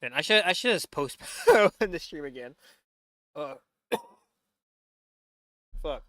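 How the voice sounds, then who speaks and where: A young man talking casually over gameplay into a headset, rambling and swearing often. His throat is sore, and his voice is bright on a dry, close mic. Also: on the high side, sing-song, slow pace, no room sound. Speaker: streamer.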